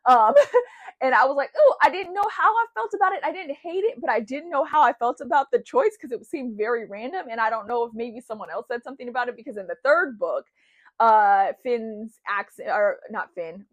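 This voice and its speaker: A woman's voice: a little high, animated, a little fast. A woman enthusiastically reviewing her favorite books, rambling, correcting herself and gushing with praise. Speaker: book reviewer. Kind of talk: casual book review vlog. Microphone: new desk mic.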